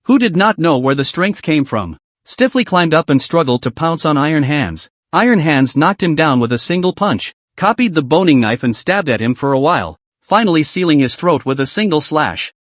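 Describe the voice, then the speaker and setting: A man narrating a story recap in the first person, scripted and brisk. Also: fairly high pitch, expressive, dry recording.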